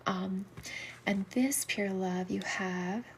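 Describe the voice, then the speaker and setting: A middle-aged woman giving soulmate readings on a livestream, talking casually in a soft, soothing voice that often drops into a whisper. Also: medium pitch, fairly even intonation, slow, slight background noise.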